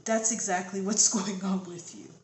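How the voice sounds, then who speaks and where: A woman giving a channeled tarot reading, reassuring and repeating calming phrases. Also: medium pitch, moderate pace. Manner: soothing, reassuring, repetitive. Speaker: tarot reader. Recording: echoey room, faint background noise.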